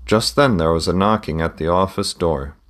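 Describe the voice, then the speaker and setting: A man narrating his own book as a podcast in a calm, steady, plain reading voice. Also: low-pitched, normal speed. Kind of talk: audiobook narration.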